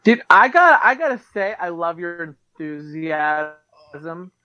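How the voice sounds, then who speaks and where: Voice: mid-range voice, big pitch swings, takes it slowly, sharp tone, lo-fi sound. A podcast co-host in casual chat who reacts to the story, praises it and cracks jokes. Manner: reacts with short interjections, jokey and full of praise.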